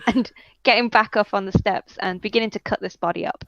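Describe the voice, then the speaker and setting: A woman's voice: medium pitch, fairly quick, gravelly, a bit bright, muffled recording. A woman narrating as game master in a tabletop game, hesitant and full of ums and uhs.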